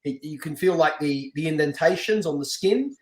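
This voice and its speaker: A middle-aged man originally from London tells a story as a podcast guest. He is animated, laughs often and restarts his sentences. His voice sits a little high and carries some room echo. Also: moderate pace. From London, England. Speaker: podcast guest, martial artist and stunt actor. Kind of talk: casual storytelling interview.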